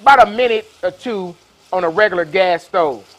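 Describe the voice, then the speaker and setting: A man's voice: high-pitched, normal speed, fairly bright tone. A man hosting a live cooking demonstration in a kitchen, talking casually and folksily to his viewers. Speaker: cooking show host. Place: kitchen with induction burner.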